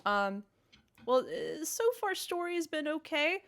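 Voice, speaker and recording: A woman's voice: high-pitched, sing-song, unhurried, fairly bright tone. A woman co-hosting a gaming podcast in casual chat, rambling and jokey as she drifts into tangents. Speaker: podcast co-host.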